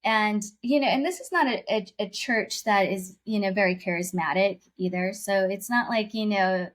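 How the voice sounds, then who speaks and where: As a podcast guest, a woman recounts a deeply personal faith story at a normal speed. She's earnest and heartfelt yet casual, full of everyday fillers, and stops to correct herself mid-thought.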